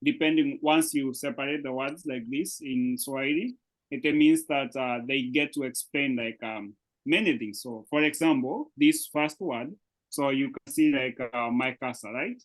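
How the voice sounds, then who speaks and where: A man's voice: mid-range voice, moderate pace, low-quality recording. A man teaching a beginners' language class over a video call, explaining patiently and checking often that his students follow. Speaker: Swahili teacher. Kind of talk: live online language class.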